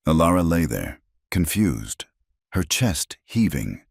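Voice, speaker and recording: A man narrating a scripted story in a steady, measured way. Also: a bass voice, dry recording, studio quality.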